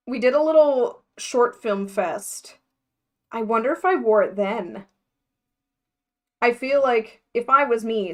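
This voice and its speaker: Chatty young woman thinking aloud. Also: a little high. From United States. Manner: chatty, scattered, laughs often, thinking aloud. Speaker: mermaid vlogger livestreaming. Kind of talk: casual livestream chat.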